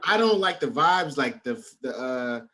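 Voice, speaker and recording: Lively, blunt podcast guy. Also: medium pitch, measured pace, a little hiss or hum. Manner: lively, blunt, profane banter. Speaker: podcast co-host. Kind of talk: casual chat.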